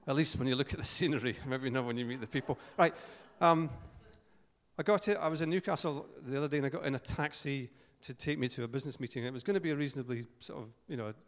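A man's voice: medium pitch, fast talker. A Scottish man preaching an informal sermon, chatty and joking, with fillers and restarts. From Scotland. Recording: long hall reverb.

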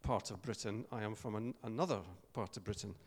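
A man's voice: fairly low pitch, a little fast. A Scottish man preaching an informal sermon, chatty and joking, with fillers and restarts. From Scotland. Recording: long hall reverb.

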